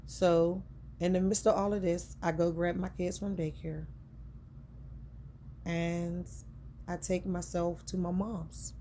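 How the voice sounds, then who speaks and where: A woman's voice: lowish voice, level tone, takes it slowly, pauses often, warm tone, a little hiss or hum. A woman earnestly telling a personal story in a conversational, emotional way, often repeating herself for emphasis.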